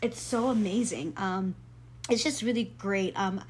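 A woman guest in a casual faith conversation, telling stories in quick bursts and laughing often. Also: medium pitch, darkish tone, slight background noise. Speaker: guest, traveling minister.

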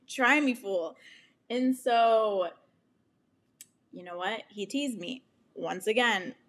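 Young woman host, unhurried and slightly high, candid profane storytelling with laughs. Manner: frank and profane, laughing often, with animated quoted asides. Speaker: podcast host.

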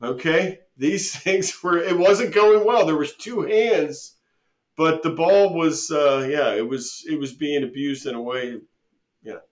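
A man with a slightly high voice co-hosts a loose, joking podcast. He rambles and restarts as he tells gossipy stories, slipping into the voices of the people he quotes. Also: slow. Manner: rambling storyteller, acts out quoted lines. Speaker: podcast co-host. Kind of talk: casual joking chat.

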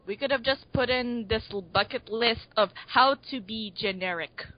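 A woman's voice: a little high, moderate pace, muffled recording. A woman co-hosting a casual movie review chat, wry and hesitant, with many fillers and restarts. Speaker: movie review podcast co-host.

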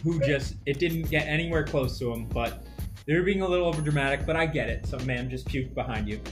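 A man's voice: on the high side, fast, music in the background. A young man co-hosting a podcast, telling a funny story in casual chat and laughing often. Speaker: podcast co-host.

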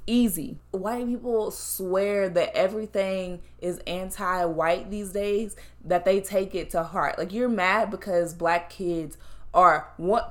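A young woman co-hosting a podcast, talking bluntly and with heavy swearing in a heated, emotional casual chat. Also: on the low side. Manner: blunt, profane, impassioned. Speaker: podcast co-host.

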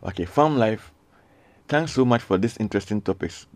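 A man's voice: on the low side, expressive, normal speed, dry recording. A man hosting a radio call-in show, earnestly reading out listener messages and repeating his requests. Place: radio studio.

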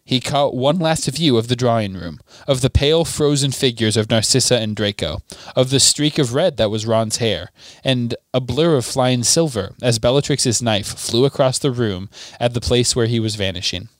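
A man reads a novel aloud at an even, steady pace, breaking off now and then for a quick aside. His voice is mid-pitched, and the sound is dry and close, with no room echo. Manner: steady, clear reading with small asides. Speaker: podcast host reading a novel aloud.

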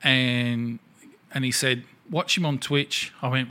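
A man's voice: medium pitch, fairly even intonation, takes it slowly, bright, forceful tone, clear, resonant tone. A middle-aged man hosting a casual podcast chat, blunt and swearing freely. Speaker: podcast host.

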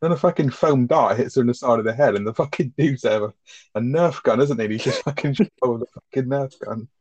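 A man chatting fast and rambling about a film, swearing heavily and laughing. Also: medium pitch, a little mellow, dull audio, a little hiss or hum. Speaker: film review podcast co-host. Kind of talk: casual chat, reacting to a film.

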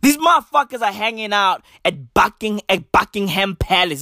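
A young man with delivering a profane, animated comedic rant full of mocking asides and put-on voices. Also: sits high, normal speed, no room sound, clean studio sound. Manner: animated, profane slang-heavy ranting with mock impressions. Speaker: comedic commentator.

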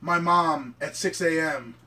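A young man rambling excitedly through a story among friends, swearing constantly in casual chat. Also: a little high, a little slow. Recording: mic at a distance.

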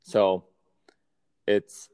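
A man speaking as a guest in a podcast interview, measured and thoughtful, with small restarts as he works out his points. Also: mellow. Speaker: guest, artist and entrepreneur. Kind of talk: conversational interview.

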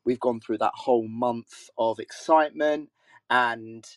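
A man's voice: medium pitch, steady tone, measured pace, dry recording. A man hosting a podcast in a chatty, rambling way, often correcting himself. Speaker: podcast host. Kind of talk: casual solo podcast chat.

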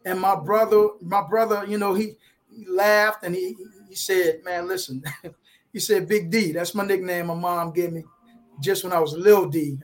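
High-voiced man giving an emotional motivational talk. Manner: emotional, preachy, with sports metaphors. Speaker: guest author. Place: live online video feed.

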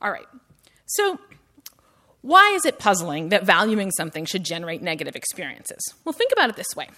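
A woman's voice: lowish voice, wildly swooping pitch, brisk, sharp tone. A woman giving a university lecture in a conversational style, full of "like" and "right?" tags and rising emphasis on her questions.

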